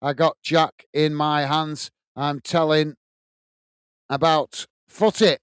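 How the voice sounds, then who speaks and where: A man's voice: fairly high pitch, level tone, slow pace, fairly bright tone, clear, resonant tone, no room sound. British man hosting a live match watch-along. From United Kingdom. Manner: friendly, reads viewer comments aloud and greets them. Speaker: host of a football watch-along. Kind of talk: live match commentary and reading chat messages.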